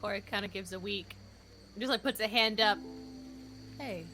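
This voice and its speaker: A woman's voice: medium pitch, moderate pace, bright, forceful tone, soft background music, rough recording. A woman playing a tabletop game, talking bluntly and casually, with swearing. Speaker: player.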